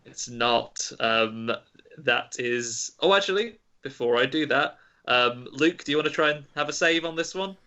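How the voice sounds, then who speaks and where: A man hosting a horror movie quiz on a podcast, reading out clues slowly and teasing the players with hints. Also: medium pitch, bright, forceful tone, clean tone, lo-fi sound. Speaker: quiz master. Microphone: video call.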